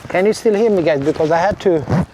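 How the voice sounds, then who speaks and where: Walking outdoors by a seaside village harbour and beach, a vlogger with an Italian accent chats casually to viewers, frequently correcting himself and apologising. His voice is a little high, a little fast and dark-toned, picked up by a clip mic under his jacket with slight background noise.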